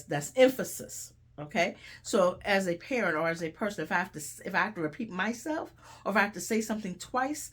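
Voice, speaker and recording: A middle-aged woman hosting and preaching a sermon-style Bible teaching, animated and conversational with folksy asides and repeated phrases. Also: on the high side. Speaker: host and preacher.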